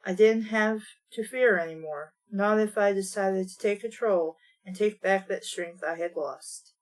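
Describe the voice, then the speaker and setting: A woman reading aloud, voicing a heroine who speaks quietly of finding her strength again. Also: mid-range voice, measured pace, lightly acted. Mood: reflective. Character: proud female heroine recovering her strength.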